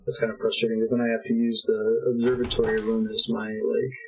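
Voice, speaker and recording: A man's voice: medium pitch, monotone, brisk, faint music behind, poor audio. A young man streaming a game live, chatting with viewers as he plays and cursing at the game now and then. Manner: chatty, talks to chat while playing, swears at the game. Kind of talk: casual live-stream commentary. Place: home streaming setup.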